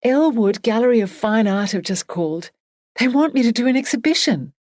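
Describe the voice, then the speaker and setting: Excitable young woman artist read by a woman, gushing, rambling, bouncy pitch, dry sound. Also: fairly quick, no echo, close to an everyday voice. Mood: excited.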